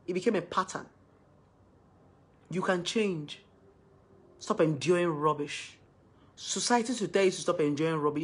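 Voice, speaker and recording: A woman talking casually to camera about relationships, emphatic, swinging between loud exclamations and softer asides. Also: fairly low pitch, husky. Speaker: relationship advice vlogger.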